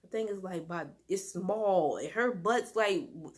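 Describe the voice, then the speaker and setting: Woman, casual storytime, rambling, animated, lots of fillers. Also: medium pitch, moderate pace. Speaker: vlogger.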